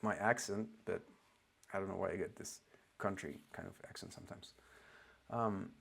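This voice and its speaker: A man with an Oregonian accent and English learned as a second language gives a loose spoken lesson as a spiritual teacher, halting and searching for words with frequent restarts. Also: lowish voice, a little mellow. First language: not English.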